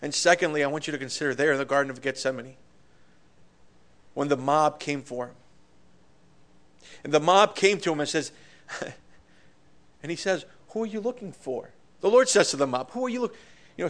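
Impassioned man preaching a sermon. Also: a little high. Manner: impassioned, rising and falling in volume, with stammered restarts.

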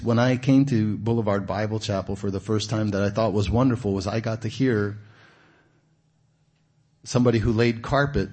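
Husky low-voiced man preaching casually. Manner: conversational, asks the audience questions, animated emphasis. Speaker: guest preacher. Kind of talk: informal sermon. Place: church meeting room.

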